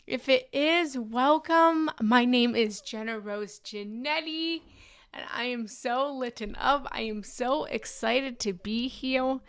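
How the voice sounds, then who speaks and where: A woman's voice: high-pitched, slow, no room sound, clean studio sound. A young woman hosting a live stream as a meditation teacher, gushing and effusive, repeating her greetings over and over. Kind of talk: live-stream chat and talk.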